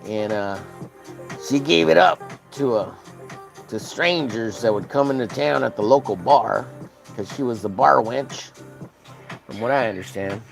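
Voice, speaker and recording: A man's voice: mid-range voice, a little slow, vocal fry, long pauses, music in the background, low-quality recording. A man from Texas with an American accent, chatting casually and rambling with crude jokes while drawing on a stream.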